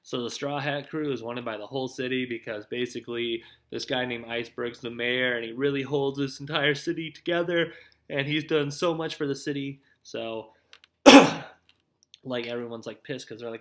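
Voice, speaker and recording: A man's voice: mid-range voice, fairly even intonation, normal speed, a bit bright. Laid-back young man recapping anime. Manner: laid-back, rambling, heavy on "like" and "dude". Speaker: show host. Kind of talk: casual anime episode recap.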